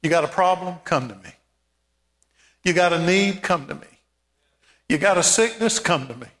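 A man preaching a sermon as pastor, emphatic, with repeated calls and rising shouts. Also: high-pitched, lively intonation, normal speed, in a large hall.

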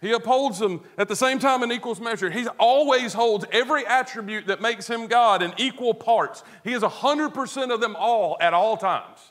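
High-voiced man preaching earnestly. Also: moderate pace, few pauses. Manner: earnest, swings between hushed and emphatic; rhetorical questions and repeated words for stress. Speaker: pastor. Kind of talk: sermon.

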